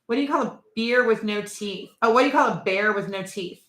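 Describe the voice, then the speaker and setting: A woman's voice: fairly high pitch, animated, fairly quick, few pauses, a bit bright, roomy sound. A middle-aged woman hosting a casual live stream, chatting and rambling and laughing at viewers' jokes.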